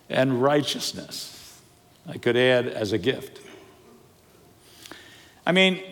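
An older pastor preaches a sermon in a church sanctuary, his voice somewhat high for a man. He tells lively stories, cracks jokes, and asks the congregation questions, while the large hall adds long reverb.

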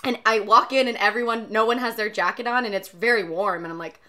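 A woman's voice: fairly high pitch, fast talker, bright, forceful tone. A young woman co-hosting a casual chat, telling stories and laughing often. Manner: chatty storyteller, laughs often.

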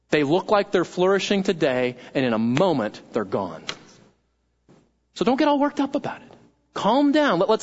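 A man's voice: very high voice, muffled recording. A pastor delivering a sermon, emphatic and repeating key phrases as he quotes scripture.

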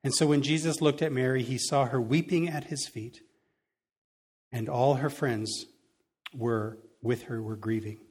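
A man's voice: mid-range voice, steady tone, measured pace, a little mellow, slightly rough. A man preaching a sermon, reading a Bible passage and adding casual, chuckling asides. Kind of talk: sermon reading scripture with commentary.

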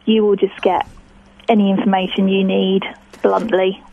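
A woman's voice: medium pitch, level tone, moderate pace, vocal fry, narrow, tinny audio, a little hiss or hum. A woman talking candidly and plainly as a guest in a casual interview. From England. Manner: candid, straightforward.

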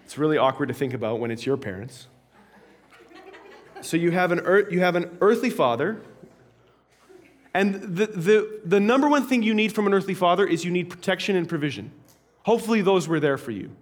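A man preaching a sermon as an animated, humorous story with frequent asides. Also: sits high, brisk, pauses often. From Canada.

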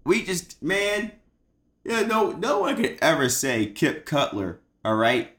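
Loud hype guy host, swears a lot, voice jumps all over the place. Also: on the high side, big pitch swings, slow pace. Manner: bombastic, swearing, mock-hyped delivery. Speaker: podcast host. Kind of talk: comedic sports podcast rant.

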